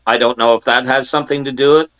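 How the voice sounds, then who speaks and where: A man's voice: mid-range voice, fairly even intonation, quick pace, a bit bright, dry recording, highs cut off. A man in his sixties from Canada, a guest in an interview, telling a personal story and acting out the family members he quotes, with many restarts. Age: 60s.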